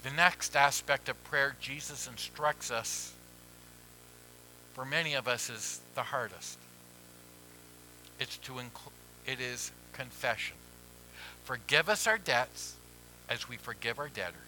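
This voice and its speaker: A man preaching a sermon as pastor, who drops to hushed near-whispers and rises to loud pleading. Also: medium pitch, lively intonation, slow, long pauses, slight background noise, rough recording.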